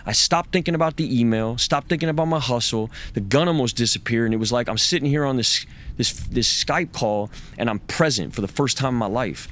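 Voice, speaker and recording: A man's voice: mid-range voice, a little fast, fairly bright tone. A man as an interview guest, telling a personal story candidly, raw and profane and intense, and he acts out what other people said.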